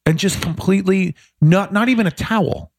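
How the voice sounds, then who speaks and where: A middle-aged man, a podcast guest, telling a story in a casual chat, animated and self-deprecating. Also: high voice, brisk, a little hiss or hum.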